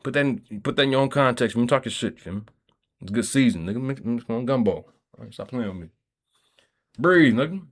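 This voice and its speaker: Man, lively swooping voice, rambling vlog rant, profane, streetwise. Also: medium pitch, fairly quick. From Kentucky. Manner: streetwise, profane, keeps asking "you feel me". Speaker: vlogger.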